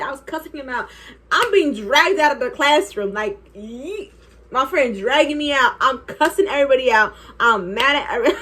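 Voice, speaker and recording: A young woman vlogger telling an animated, profane story while doing her makeup. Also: sits high, moderate pace. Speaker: beauty vlogger.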